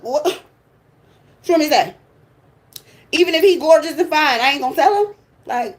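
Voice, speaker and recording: A blunt, sassy woman delivers a profane, fired-up rant straight to her viewers. Her voice sits on the high side, and she sounds like a tarot channel host talking casually to camera. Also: lively intonation, normal speed, pauses often. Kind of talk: casual ranting monologue.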